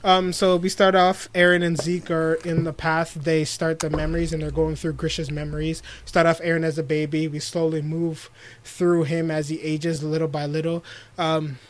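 A man co-hosting a laid-back podcast, his voice sitting a little high for a man. He tells the story in a rush, acting out the characters' quotes as he goes and laughing easily. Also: normal speed, slight background noise. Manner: animated recapping, acts out quotes, laughs often. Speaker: podcast co-host. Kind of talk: casual chat.

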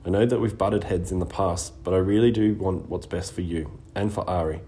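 A man reading as a calm middle-aged woman. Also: low voice, slight background noise, natural voice. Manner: calm, measured.

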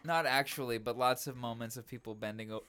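A man's voice: mid-range voice, a little fast, fairly bright tone, clean tone. A man co-hosting a podcast in casual chat, rambling and breaking into laughter, with the hiccups. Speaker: podcast co-host.

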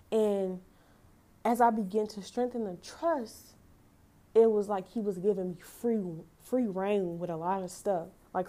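Earnest young woman with a mellow voice. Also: mid-range voice. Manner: earnest, emotional, self-correcting. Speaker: podcast host. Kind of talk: casual devotional talk.

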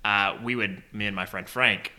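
A man with a very bright, sharp-edged voice hosts a casual podcast. He laughs often and answers his co-host with quick interjections before telling his own anecdotes. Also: on the low side, fairly even intonation.

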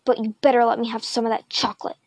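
A woman voicing a mean, sly schoolboy bully who sneers and shouts. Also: on the high side, level tone, quick pace, no room sound. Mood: sneering.

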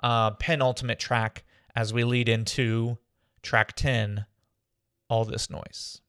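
Male podcast host, mid-pitched, excited and talkative, close and dry. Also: takes it slowly, clear, resonant tone, no room sound. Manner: enthusiastic, chatty, says "man" often. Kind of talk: casual album review.

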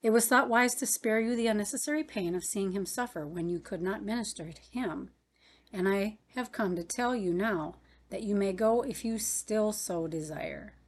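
A soft-spoken, gentle brother in a storybook, calm and tender with his younger sister, as a woman reader voices him. He talks quietly and steadily at a middle pitch. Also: normal speed, natural voice. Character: gentle grown brother in the afterlife.

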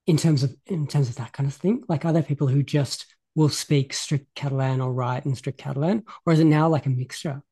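Man, interviewer, casual chat, soft agreeing murmurs, warm voice. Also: medium pitch, steady tone, fairly quick, few pauses, husky. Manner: brief back-channel murmurs.

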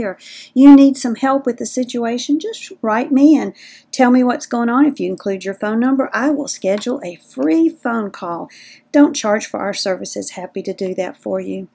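A woman's voice: on the high side, darkish tone. A middle-aged woman with a Southern American accent, hosting a podcast in a folksy, chatty way. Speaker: podcast host. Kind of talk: casual podcast talk.

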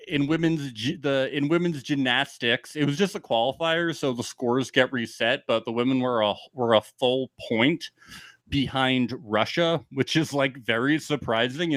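A young man co-hosting a casual sports podcast, rambling and joking, firing off quick questions. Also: mid-range voice, a bit bright, dry recording, clean studio sound. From New York. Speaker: podcast co-host.

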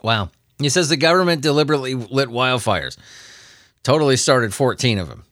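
Animated joking male podcast host. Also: mid-range voice, brisk, no room sound, clean studio sound. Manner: joking, laughs often, puts on silly voices. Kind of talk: comedic news commentary.

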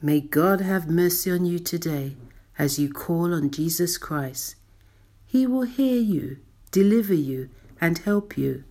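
A woman preaching a devotional sermon to listeners in a measured, emphatic way. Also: low-pitched, darkish tone. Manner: slow, measured, emphatic delivery.

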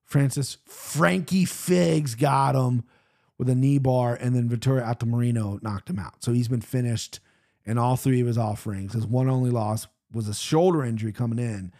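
A man's voice: mid-range voice, normal speed, dark tone. A man hosting a podcast and giving his fight betting picks in casual, blunt chat that is full of swearing and tangents. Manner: blunt, profane, rambling. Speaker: podcast host picking fight bets.

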